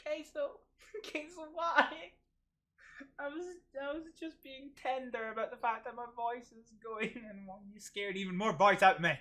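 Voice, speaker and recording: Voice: medium pitch, moderate pace, sharp tone. A streamer giving casual gameplay commentary, swearing freely, laughing often and breaking into sudden yelps.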